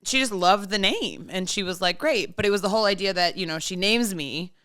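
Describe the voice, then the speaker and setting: A young woman with a bright, crisp voice tells animated stories in a casual chat. She acts out the people she quotes, recorded dry and close. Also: medium pitch, brisk, dry recording. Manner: animated anecdotes with acted-out quotes. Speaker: podcast guest.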